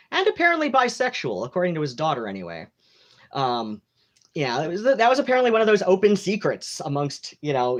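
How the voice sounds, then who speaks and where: An American livestream host with a mid-range voice chats from home in an affected mid-Atlantic accent, with drawn-out vowels and theatrical polish. His casual, rambling talk is campy, gossipy and unhurried, with "like" and "you know" in every sentence.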